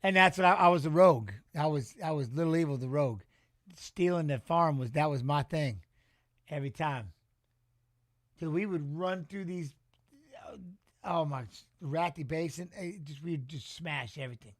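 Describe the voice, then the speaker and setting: Middle-aged man, high voice, loose animated storyteller, dry studio sound, casual swearing host. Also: normal speed, no room sound. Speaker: watch-along host and former fighter. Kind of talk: casual chat reading live chat.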